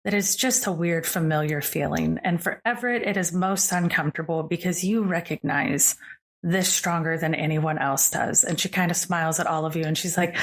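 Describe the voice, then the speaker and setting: A woman's voice: low voice, normal speed. A woman narrating as game master in a casual, chatty storytelling manner.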